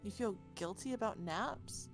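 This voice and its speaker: Woman doing a dry, deadpan young cat woman, mid-pitched voice. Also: measured pace, faint music behind.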